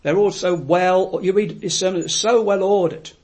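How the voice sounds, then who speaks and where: A man preaching a sermon, telling a story in an earnest, reflective way with frequent pauses. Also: high-pitched, steady tone, a little mellow, slightly rough.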